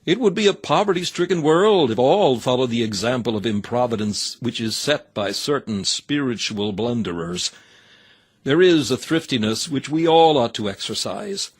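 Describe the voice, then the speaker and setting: A man's voice: medium pitch, husky. A man reading a sermon aloud in an earnest, exhorting manner with old-fashioned scriptural phrasing. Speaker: reader of a sermon.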